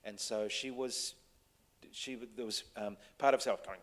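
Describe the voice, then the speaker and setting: A man who works as a TV director, telling a story to a panel audience in a casual, halting way full of restarts and fillers. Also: fairly low pitch, steady tone. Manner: halting, many restarts and fillers, soft-spoken. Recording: long hall reverb.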